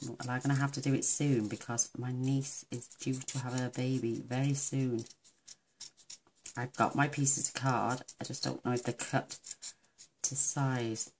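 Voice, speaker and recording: Chatty low-voiced crafting woman. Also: little pitch movement, moderate pace, darkish tone, slight background noise, poor audio. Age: middle-aged. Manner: chatty, rambling, talks to herself while working. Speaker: craft demonstrator. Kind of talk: casual crafting tutorial chat.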